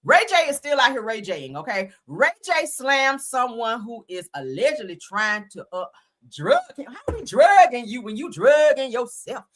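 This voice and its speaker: A woman's voice: a little high, very animated, moderate pace. A woman hosting a casual celebrity news show, reading stories aloud and breaking off into sassy, profane, sarcastic asides. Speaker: host.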